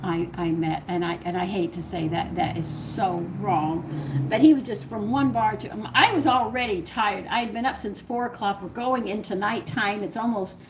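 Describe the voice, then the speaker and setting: A woman's voice: medium pitch, moderate pace, noisy background. An older woman hosting a cooking channel, rambling through a personal story to her viewers, laughing often and acting out what people said. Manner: chatty, rambling, laughs often, acts out dialogue.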